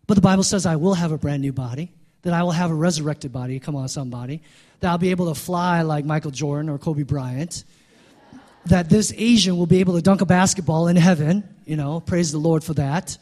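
Preaching man with a rising, calling cadence. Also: a little mellow. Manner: joking asides in a lower conversational voice. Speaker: pastor. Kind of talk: sermon.

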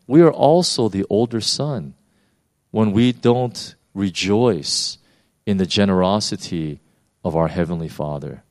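A man preaching a sermon in an animated, informal way, with frequent fillers and restarts. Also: on the low side, unhurried, no echo, clean studio sound. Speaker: pastor.

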